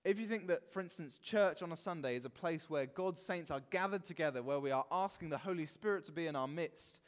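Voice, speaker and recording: A man preaching a sermon in a church, animated and expressive. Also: a little high, brisk, in a large hall. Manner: animated, acts out quoted voices. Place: church hall.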